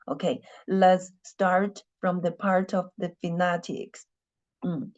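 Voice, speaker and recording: Woman teaching slowly, patient, keeps asking if ur clear, muffled lo-fi sound. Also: on the low side, level tone, darkish tone. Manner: patient, repeats herself, asks "are you clear?". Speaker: Chinese teacher. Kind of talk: slow live language lesson.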